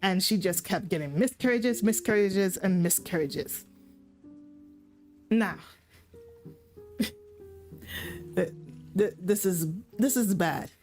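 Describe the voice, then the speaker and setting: A woman's voice: medium pitch, takes it slowly, pauses often, a little mellow. A woman streamer casually recapping a story in a rambling, profane way, often correcting herself mid-sentence. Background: faint background music.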